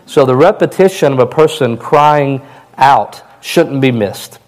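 Slightly hoarse man preaching. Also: mid-range voice, a little slow, a little mellow, low-quality recording. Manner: plain, conversational preaching with fillers. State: a little hoarse. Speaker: pastor. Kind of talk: sermon.

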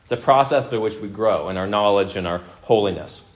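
A pastor with a fairly low voice preaches an expository sermon a little fast. He's emphatic, repeating his points for emphasis and putting questions to the congregation.

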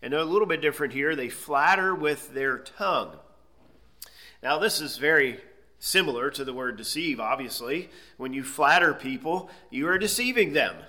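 A man's voice: on the high side, animated, normal speed, sharp tone. A man preaching an expository sermon, reading scripture aloud and then explaining it plainly. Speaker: pastor.

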